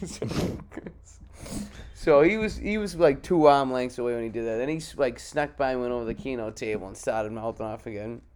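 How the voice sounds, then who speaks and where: A man's voice: mid-range voice, a little fast, a little mellow, smooth. A man co-hosting a podcast in crude, casual banter, laughing often and swearing freely while telling stories. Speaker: podcast co-host.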